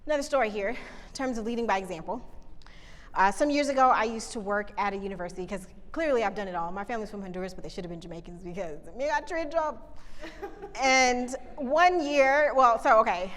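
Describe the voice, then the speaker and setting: A woman's voice: on the high side, a little fast. Woman coach telling stories in a hall. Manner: lively, conversational, asks the audience questions. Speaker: communication coach and speaker. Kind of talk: live keynote storytelling. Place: stage before a live audience. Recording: reverberant hall, live talk.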